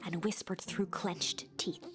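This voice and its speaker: A woman narrating a storybook game in a hushed, suspenseful voice that often drops near a whisper. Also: lowish voice, steady tone, takes it slowly. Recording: game audio with clear music bed. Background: game music.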